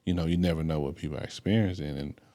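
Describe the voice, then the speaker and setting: A pastor hosting a podcast, reflecting in a casual, preacherly way with many affirmations and filler phrases. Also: male voice, very deep voice, steady tone, rapid-fire, warm tone. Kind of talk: casual interview chat.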